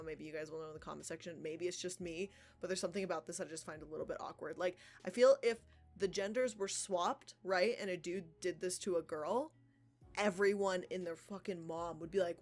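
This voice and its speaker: Profane, sarcastic woman streamer. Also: on the low side. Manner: profane, sarcastic, laughs often. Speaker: art livestreamer. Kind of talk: casual reaction commentary reading profiles aloud.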